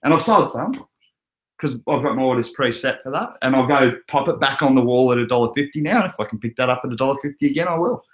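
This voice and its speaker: A man's voice: medium pitch, animated, fast talker, fairly bright tone. Man, young, Australian accent, chatty stream host, laughs often, roomy echo. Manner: chatty, laughs often, reads out viewer comments. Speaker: crypto livestream host. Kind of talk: casual live-chat stream. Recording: echoey room.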